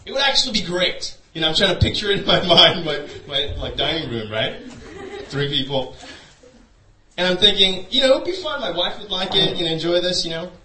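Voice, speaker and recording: A man's voice: high voice, animated, a little fast, pushed and bright. A man preaching a sermon through a personal story, in a loose conversational way full of "you know". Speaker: pastor. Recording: echoey room, voice from a distance.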